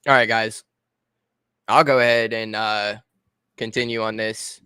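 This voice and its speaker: A man guests on a livestream and walks viewers through his screen step by step in a casual, talky way. His voice is bright and forward, with a clean, crisp tone. The sound is dry and close, with no room around it. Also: fairly low pitch, level tone, measured pace, no room sound. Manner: explains step by step while sharing his screen. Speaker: guest co-host.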